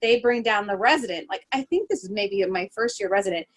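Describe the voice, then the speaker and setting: She hosts a podcast as a holistic travel nurse, and her mid-range voice moves fairly quickly on a rough recording. Her storytelling in casual chat is animated. She laughs often and uses many fillers.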